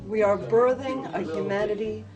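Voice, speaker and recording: A woman's voice: medium pitch, fairly even intonation, normal speed, highs cut off, over music. A woman giving an inspirational speech in an emphatic, declaiming way.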